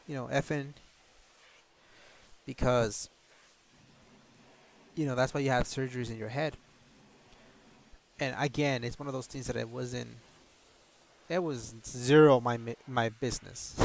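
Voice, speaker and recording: A man chats casually to his viewers, telling a story from his school days. He rambles and restarts his sentences, laughs now and then, and keeps his pitch in a middling range. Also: gravelly. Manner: rambling, many restarts, laughs often, addresses viewers as guys. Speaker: channel host. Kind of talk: casual storytelling while washing a car.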